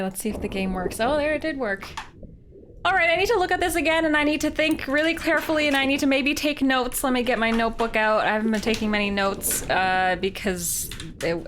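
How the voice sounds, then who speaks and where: A woman's voice: a little high, a little hiss or hum. A woman from Canada, streaming a game live and chatting playfully with her viewers. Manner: animated and joking, talks to chat. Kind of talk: casual live-stream gameplay commentary.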